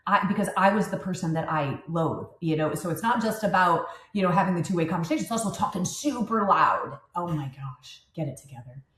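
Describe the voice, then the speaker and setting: A woman in her fifties co-hosting a podcast, telling candid stories in a casual, animated way with lots of asides. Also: on the low side, fairly quick, hardly any pauses. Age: 50s. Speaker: podcast co-host. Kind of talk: casual chat. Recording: echoey room.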